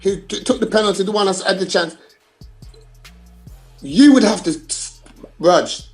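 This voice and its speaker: A man with a high voice makes his points emphatically and says them again and again. His talk is full of slang like "bruv" and "innit", and faint music runs underneath. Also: lively intonation, a little slow, long pauses. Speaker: podcast co-host. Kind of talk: casual football chat.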